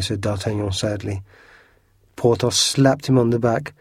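A man narrating a children's storybook chapter in a lively, expressive read-aloud manner. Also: on the low side, measured pace, vocal fry, husky, no room sound, studio quality. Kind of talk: storybook audiobook reading.

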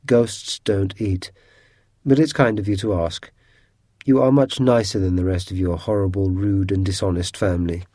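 A man's voice: steady tone, normal speed, dark tone, no room sound, studio quality. A man voicing Sir Simon, a sad old ghost. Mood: weary. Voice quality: low and quivery. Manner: grumbling, self-pitying. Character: sad lonely old male ghost, sulky.

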